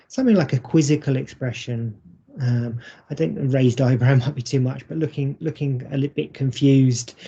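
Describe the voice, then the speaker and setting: A man presenting a recorded workshop for English teachers, speaking in a measured, explanatory way with frequent ums. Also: mid-range voice, creaky, mellow, breathy edge. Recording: dull lo-fi audio.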